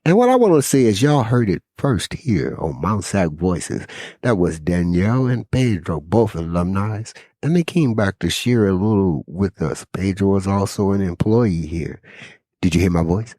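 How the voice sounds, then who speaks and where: Man, very deep voice, podcast host, emphatic relaxed talk, dry close mic. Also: moderate pace, dry recording.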